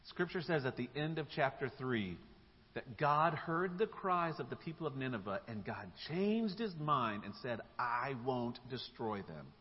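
Animated preacher in an echoing church. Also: male voice, on the high side, normal speed, breathy edge. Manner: animated storytelling with casual slang. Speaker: pastor. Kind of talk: sermon. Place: church sanctuary. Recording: dull live church recording with long hall echo.

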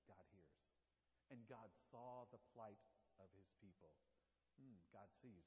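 A male pastor preaching a sermon, retelling scripture in a relaxed, conversational way. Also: on the low side, unhurried. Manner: conversational storytelling, paraphrasing scripture in casual words. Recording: dull lo-fi sound with long hall reverb.

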